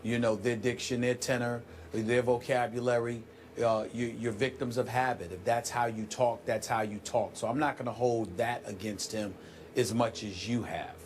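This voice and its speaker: Forceful male sports debate host. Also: medium pitch, steady tone, moderate pace, slight background noise. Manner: forceful, preacherly, builds emphasis. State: sick, clears throat.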